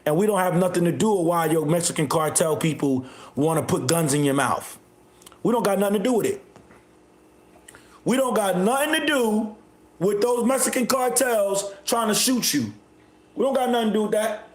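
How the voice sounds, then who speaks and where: In an echoey room, a livestream host with a high-pitched male voice goes on an animated rant at his chat at normal speed. He's loud and confrontational, repeating himself again and again.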